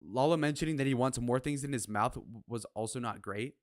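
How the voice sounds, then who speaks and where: A young man in his twenties giving casual reaction commentary, blunt, profane and quick to get worked up. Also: medium pitch, dry recording, clean studio sound. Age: 20s. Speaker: streamer reviewing his own speed date.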